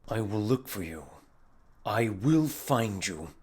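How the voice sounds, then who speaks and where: A man voicing a cold, threatening fantasy villain with a British accent, speaking low and quietly. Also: lively intonation, takes it slowly, breathy edge, exaggerated voice. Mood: menacing. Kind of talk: tabletop role-play demonstration.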